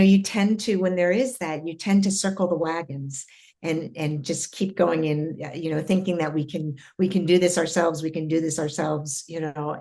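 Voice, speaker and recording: Woman, low voice, middle-aged, earnest storyteller, lots of ums. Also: warm tone. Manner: earnest, many fillers and restarts. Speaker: guest telling spiritual experiences. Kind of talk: casual interview storytelling.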